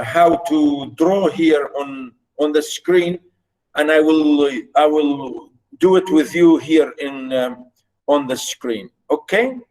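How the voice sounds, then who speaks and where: Slow, halting male lecturer. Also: fairly high pitch, poor audio. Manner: slow, halting delivery with frequent fillers, chanting rhythms aloud. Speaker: literature lecturer. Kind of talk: university lecture.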